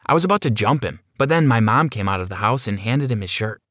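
A man narrating a first-person story in a steady, plain storytelling manner. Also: medium pitch, quick pace, dry recording, clean studio sound.

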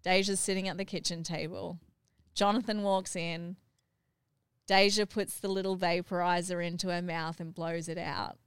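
A middle-aged woman hosting a family podcast, animated and laughing as she retells a family story. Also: on the low side, normal speed, smooth, dry recording, studio quality. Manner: animated, acts out what others said, laughs while telling. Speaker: podcast host and mother.

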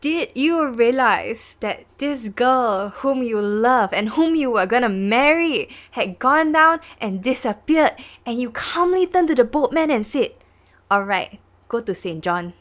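A woman playing a strict male judge in a podcast courtroom reenactment, pressing with sharp questions. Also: a little high, expressive, measured pace, pitched above the performer's own voice. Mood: stern.

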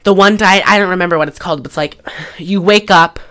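A woman on the low side of pitch talks fast as a podcast co-host. In casual conversation she animatedly retells a film, laughing frequently and swearing freely.

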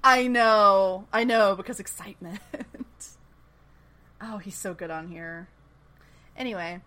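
Her medium-pitched voice is slow as she recaps a TV episode as co-host of a casual podcast. The chat is animated and full of laughter, and she voices the characters' lines playfully.

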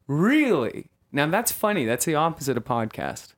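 Animated man hosting a comedy podcast. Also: moderate pace. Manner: animated, jumps into high-pitched exclamations. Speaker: podcast host.

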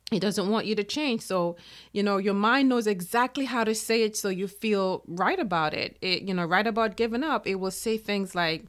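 A woman's voice: medium pitch, moderate pace. A woman speaking as a motivational speaker in an earnest manner, now and then acting out the doubting inner voice. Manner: earnest, acts out inner-voice quotes. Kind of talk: motivational talk.

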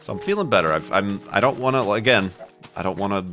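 Rambly gamer guy, low voice that swings all over, a bit stuffy, faint game music behind. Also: lively intonation, fast talker, fairly bright tone. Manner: rambling, chatty, self-mocking asides. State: slightly stuffy from a cold. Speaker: gaming YouTuber. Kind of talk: casual let's-play commentary.

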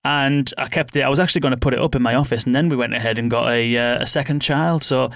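A man's voice: mid-range voice, steady tone, fast, fairly bright tone, dry recording, studio quality. A man hosting a podcast, chatting easygoing and laughing often. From United Kingdom. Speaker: podcast host. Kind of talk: casual interview chat.

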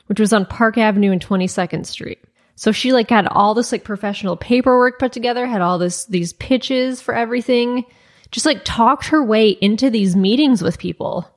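A young woman co-hosting a casual chat, telling a story in a chatty way full of "like" fillers. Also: a little high. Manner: chatty, frequent "like" fillers, quick asides. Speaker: podcast co-host.

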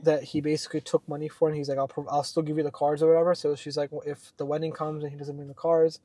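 Animated young man telling a story. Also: on the high side, quick pace, dry recording. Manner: animated, swearing, many fillers. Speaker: podcast co-host. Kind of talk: casual storytelling chat.

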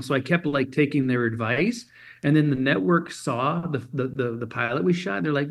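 A man's voice: medium pitch, brisk. A man from Germany, a guest in an interview, telling a story with energy and acting out the voices of the people in it. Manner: energetic, acts out quoted voices. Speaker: podcast guest.

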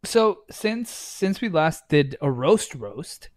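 A young man with a fairly high voice trades jokes in loose podcast banter. He swears freely and breaks into laughter often. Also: sing-song, takes it slowly, dry recording, studio quality. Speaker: podcast co-host. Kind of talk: casual banter.

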